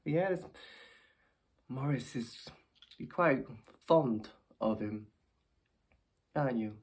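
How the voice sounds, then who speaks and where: A woman, performing as a ventriloquist who gently teases her puppet and often stumbles over her words. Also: very deep voice, animated, takes it slowly, pauses often, slightly rough. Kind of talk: ventriloquist comedy act, talking to a puppet.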